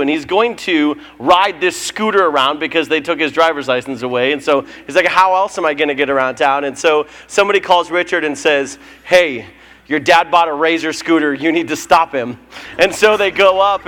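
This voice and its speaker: A man with a slightly high voice leads a church service. He runs through the announcements casually, joking and telling stories with plenty of fillers. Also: fairly bright tone. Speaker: pastor.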